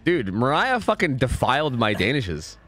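Rambling streamer man, lively pitch. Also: normal speed. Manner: rambling, lots of fillers and profanity. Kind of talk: casual gaming stream chat.

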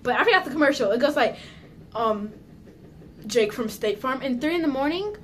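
A woman's voice: high voice, lively intonation, moderate pace, slight background noise. A woman chatting casually in a home vlog, giggly and nervous, talking straight to her viewers. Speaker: vlogger. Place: at home indoors.

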